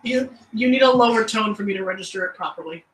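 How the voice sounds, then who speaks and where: A woman playing a tabletop role-playing game, joking and animated. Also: medium pitch, quick pace, far from the mic, a little hiss or hum. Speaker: player. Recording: echoey room.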